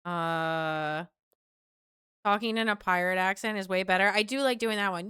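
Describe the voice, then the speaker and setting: A woman's voice: mid-range voice, moderate pace, bright, forceful tone, smooth. A woman streamer chatting casually with her viewers, playful and loose, swearing freely.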